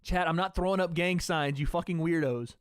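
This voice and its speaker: A man's voice: fairly high pitch, fairly quick, smooth, no echo, studio quality. A young man hosting a fight watch party stream, giving casual live commentary in a loose, slangy way and talking back to his chat.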